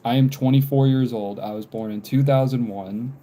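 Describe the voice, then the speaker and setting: An American man in his twenties chats casually while drawing on a livestream, rambling and repeating himself with frequent ums. His voice is mellow and medium-pitched, with fairly even intonation and a moderate pace.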